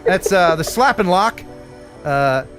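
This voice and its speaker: A man's voice: high-pitched, lively intonation, slow, over music. A man from the USA hosting a live stream in casual chat, playful and joking, laughing often.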